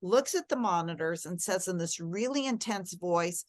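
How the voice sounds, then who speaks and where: A woman's voice: on the low side, lively intonation, normal speed, dry recording, studio quality. Earnest middle-aged woman telling a story. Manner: earnest, reflective, emphatic on key words. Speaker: interview guest. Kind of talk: personal storytelling in an interview.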